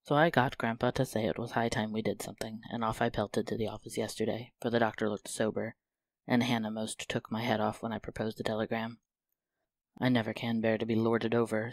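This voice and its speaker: A man's voice: lowish voice, no room sound, natural voice. A man reading as a kind, teasing young man. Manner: eager, teasing.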